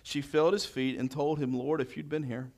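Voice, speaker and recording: Reading scripture verse by verse before expounding on it, a male preacher shifts from booming declarations to near-whispers. His voice sits on the high side, with a flat, brisk delivery.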